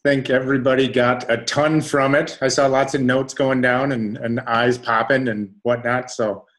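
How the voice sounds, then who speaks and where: A man's voice: mid-range voice, flat delivery, normal speed, fairly bright tone. A man hosting a team call, thanking the guest speaker in a casual, appreciative way. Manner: appreciative, informal. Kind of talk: casual wrap-up.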